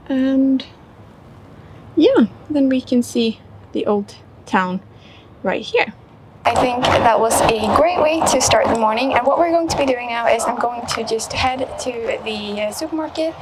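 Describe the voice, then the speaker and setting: Relaxed woman vlogging outdoors. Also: a little high, slight background noise. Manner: relaxed, with frequent ums and uhs. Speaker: travel vlogger. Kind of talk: casual travel vlog narration. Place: outdoors in a city.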